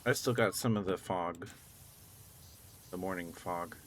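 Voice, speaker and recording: A man streaming live, chatting in a relaxed way and thanking viewers, still groggy with a morning voice. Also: sits low, measured pace, a little hiss or hum. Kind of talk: casual live-stream chat.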